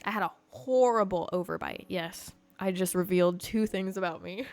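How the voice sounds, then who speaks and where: A woman's voice: lowish voice, moderate pace, few pauses, a little mellow, faint music behind. A young adult woman hosting a podcast, casually telling personal stories to her stream audience in a chatty, profane way, full of "like". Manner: chatty and profane, heavy use of "like". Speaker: podcast host.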